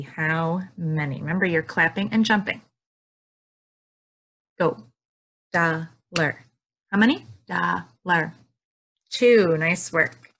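A woman's voice: on the low side, a bit bright. A woman teaching young children from her couch at home, drawing out words and cheering them on in a sing-song way. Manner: slow, drawn-out words with sing-song prompts. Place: living room at home.

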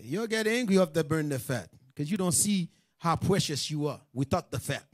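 Animated man preaching in street talk. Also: fairly high pitch, moderate pace, no echo. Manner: animated, joking, scolding, with many asides to the audience. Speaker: teacher of a religious class.

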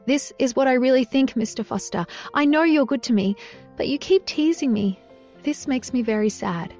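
A woman's voice: high voice, moderate pace, darkish tone, soft background music, voice pushed up. A woman voicing a flustered, stubborn young woman who pleads in a breathless, tearful way. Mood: defensive. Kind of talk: audiobook dialogue.

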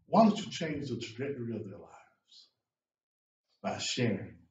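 A man preaching a sermon as a guest preacher, with lively delivery that rises to shouts and drops low for emphasis. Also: unhurried, muffled recording, slight background noise. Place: church sanctuary. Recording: echoey church room from far off.

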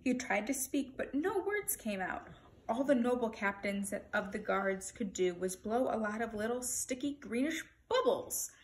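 A woman reading a children's picture book aloud in an expressive, lively storytelling manner. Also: fairly high pitch, unhurried, rough recording.

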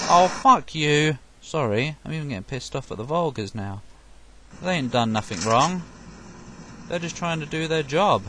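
A young man narrates a let's play in a slightly bright mid-range voice, full of sarcasm. When enemies appear he talks back to them, and getting hit brings swearing and yelps, with game noise filling the background.

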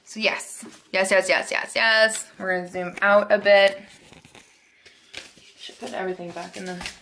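A woman chatting casually to viewers at her desk at home while unboxing planner supplies, gushing and excitable with chatty asides. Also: lowish voice, creaky, noisy background.

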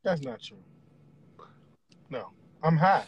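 A man's voice: fairly high pitch, lively intonation, slow pace, highs cut off. A man on a call, giving short, laid-back replies in casual chat.

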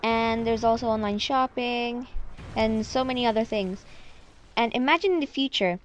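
A woman's voice: fairly high pitch, normal speed, muffled recording, a little hiss or hum. A woman talking casually in a vlog, chatty and full of "like" fillers. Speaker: vlogger.

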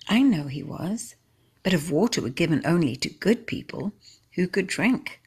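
A calm young man speaks with quiet patience in a low, husky voice, as a woman reading a story gives him voice. He never hurries. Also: moderate pace, exaggerated voice. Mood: patient.

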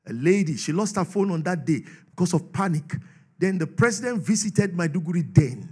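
A Nigerian man preaching a sermon, swinging from shouted declarations to low asides and laughing often. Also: animated, fairly quick, breathy edge. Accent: Nigerian English. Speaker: pastor.

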